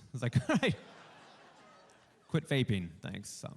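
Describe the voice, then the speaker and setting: A male stand-up comedian doing a warm-up set for a studio audience, delivering punchy jokes and acting out bits of dialogue. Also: mid-range voice, expressive, normal speed, pauses often. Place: live comedy show before a studio audience.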